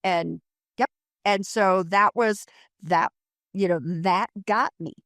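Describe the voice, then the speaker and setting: Middle-aged woman, from Colorado, casual interview storytelling, animated, lots of fillers, mid pitch, dry close sound. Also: slow pace, no room sound. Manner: animated, acts out quotes, many fillers. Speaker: paranormal investigator guest.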